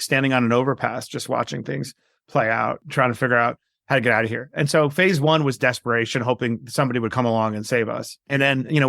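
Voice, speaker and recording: Gravelly-voiced storytelling man. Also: mid-range voice, no echo, clean studio sound. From New York, USA. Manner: animated, acts out quoted voices. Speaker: guest. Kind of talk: storytelling interview.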